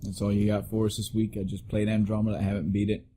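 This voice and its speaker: A man's voice: lowish voice, flat delivery, quick pace, warm tone, slight background noise. A man co-hosting a casual gaming podcast, teasing and needling his co-host.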